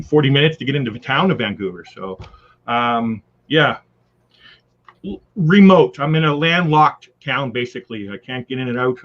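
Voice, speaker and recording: A man's voice: mid-range voice, a bit bright, dull audio. A man from British Columbia, a guest on a live chat show, talking in a rambling way with many fillers and restarts. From British Columbia, Canada. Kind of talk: casual chat.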